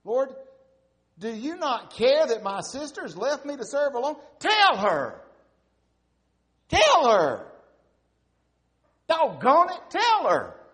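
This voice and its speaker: Guy putting on a fed-up busy woman, high and loud, pretty shrill. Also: wildly swooping pitch, slow pace, pauses often, full character voice. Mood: exasperated. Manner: shrill, rising pitch. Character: exasperated busy woman complaining to the Lord.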